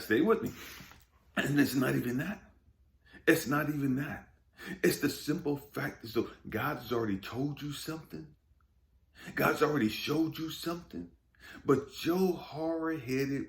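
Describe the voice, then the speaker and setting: A man's voice: medium pitch, a bit bright, echoey room. A man giving a blunt, profane motivational talk on spirituality, speaking emphatically and turning often to the listener with laughs. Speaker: spiritual vlogger.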